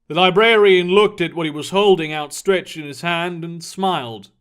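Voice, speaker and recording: A man narrating a fantasy story in a steady, descriptive storytelling manner. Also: fairly high pitch, normal speed, hardly any pauses, smooth. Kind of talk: audiobook storytelling.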